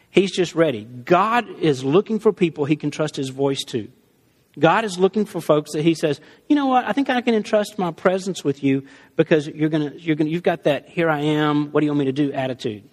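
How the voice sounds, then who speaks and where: A man with a high-pitched voice gives a storytelling sermon in a loose, animated, conversational style. He trips over and restarts his phrases as he goes. The sound carries the long reverb of a large hall. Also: a little fast. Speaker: preacher.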